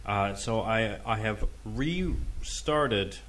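Rambling low-voiced male podcast guest. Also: animated, extremely slow, fairly bright tone, slight background noise. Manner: rambling, self-deprecating, many fillers. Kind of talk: casual gaming podcast chat.

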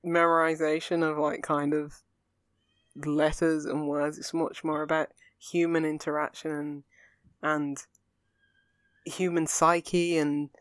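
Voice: medium pitch, level tone, slow pace, clear, resonant tone, no room sound. Rambling podcast co-host, dry sound. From England. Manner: rambling and earnest, full of fillers and restarts. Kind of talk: casual chat.

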